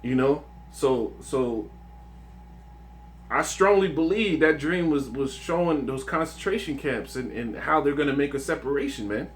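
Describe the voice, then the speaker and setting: A man's voice: on the high side, expressive, a little slow, a little hiss or hum. Earnest man giving casual religious testimony. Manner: earnest and conversational, with many restarts and "man". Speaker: religious video speaker. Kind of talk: informal religious testimony and scripture reading.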